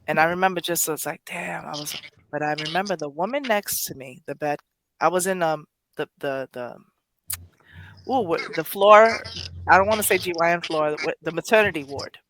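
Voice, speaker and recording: A woman's voice: lowish voice, moderate pace, a bit bright, a little hiss or hum. A woman hosting a poetry podcast, speaking emotionally in casual chat, rambling with many restarts and self-corrections. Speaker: poetry show host.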